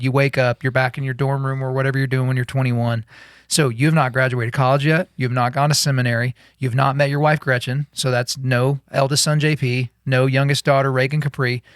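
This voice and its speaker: A man's voice: medium pitch, no echo, studio quality. Chatty man telling vivid stories. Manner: animated storyteller, acts out imagined scenes. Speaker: podcast co-host. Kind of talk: casual Bible discussion.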